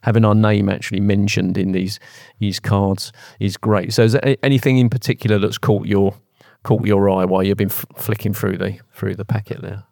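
Gravelly male interviewer, steady flat delivery, easygoing prompts. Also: on the low side, fairly quick, dry recording, clean studio sound. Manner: relaxed, conversational, prompting. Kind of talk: casual interview chat.

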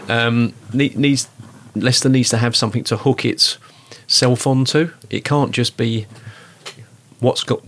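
A man in a relaxed discussion, talking in an animated, rambling way with lots of fillers. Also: lowish voice, creaky. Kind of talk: conversational discussion.

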